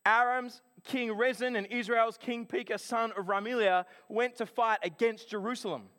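A man preaching a sermon, telling a personal story in an animated, chatty way. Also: sits high.

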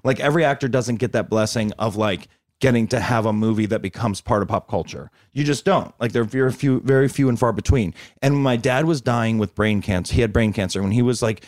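A man in his forties, an actor being interviewed, telling stories in a lively casual way and jumping into little voices for the people he quotes. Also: lowish voice, a little fast, no room sound, studio quality. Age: 40s. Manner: animated storyteller, acts out quotes in shifting voices. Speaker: actor guest.

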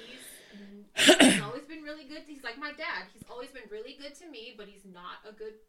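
High bright-voiced woman telling a wild story. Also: normal speed. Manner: profane, animated storyteller acting out dialogue. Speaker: podcast co-host. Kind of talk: casual storytelling chat.

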